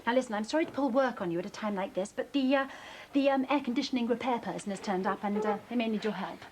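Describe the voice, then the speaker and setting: A woman's voice: on the high side, fast talker, a little mellow, slight background noise, close to an everyday voice. A woman playing a sly, teasing prankster in a TV sitcom. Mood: coaxing. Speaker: prankster cat owner in a sitcom sketch. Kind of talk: TV sitcom acting.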